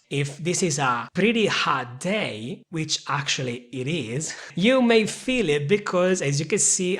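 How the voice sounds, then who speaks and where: A man's voice: a little high, fairly bright tone. A young man teaching English in a video lesson, playful and emphatic, leaning hard on key words and laughing often.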